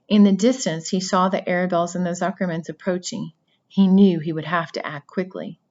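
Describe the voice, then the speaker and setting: A woman reading a children's novel aloud with steady storytelling narration. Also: on the low side, fairly quick, highs cut off. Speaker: reader.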